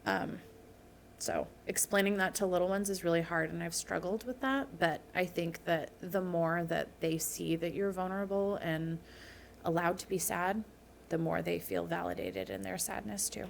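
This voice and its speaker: Woman with a low gravelly voice. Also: steady tone, moderate pace. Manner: earnest, personal storytelling. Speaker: podcast guest. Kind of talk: candid interview conversation. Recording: faint background noise.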